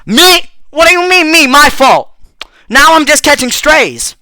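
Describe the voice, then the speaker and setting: A man's voice: high-pitched, expressive, unhurried, bright, forceful tone, dry recording, studio quality, voice pushed up, heavily acted. A man voicing a childish, cocky girl robot waitress who squeals and stammers, dubbing a game. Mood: indignant. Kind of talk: let's play voice dubbing. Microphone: close desktop mic.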